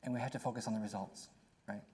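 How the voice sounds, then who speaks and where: A middle-aged man speaking on a panel in a conversational way, telling stories with quick asides. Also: fairly low pitch, fairly even intonation, darkish tone.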